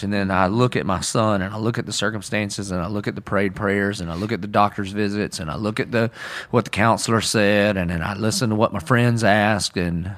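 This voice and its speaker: A man's voice: on the low side, fairly even intonation, brisk, hardly any pauses, fairly bright tone. A man, a pastor, talking through a Bible story in conversation, earnest and casual, acting out quoted lines with rising intensity. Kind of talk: sermon-style podcast discussion.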